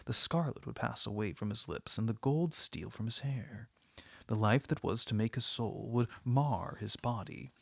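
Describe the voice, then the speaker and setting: Gravelly man reading an audiobook. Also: mid-range voice, animated, moderate pace, no room sound. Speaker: audiobook reader. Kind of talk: audiobook narration.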